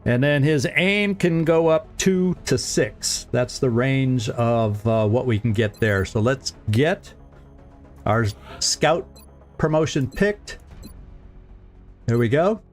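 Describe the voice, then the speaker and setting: A man in a mid-pitched voice streams a strategy game and chats easily with his viewers. He chuckles often and trips over repeated words as he thinks aloud. Faint music plays in the background. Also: slow. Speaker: gaming streamer. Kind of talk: casual let's-play commentary.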